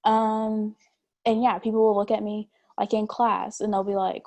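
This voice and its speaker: A woman's voice: mid-range voice, flat delivery, normal speed, a little mellow. A young woman with an East Tennessee country accent, speaking candidly as a panelist in an online discussion and telling stories. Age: young adult. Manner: candid and storytelling. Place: video call.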